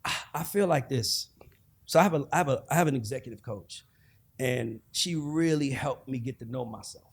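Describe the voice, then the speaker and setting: A man in his forties with an Atlanta accent, a guest telling stories in a casual, animated, profane way. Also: mid-range voice, normal speed, gravelly, breathy edge. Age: 40s. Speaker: guest, music executive. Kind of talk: casual podcast conversation.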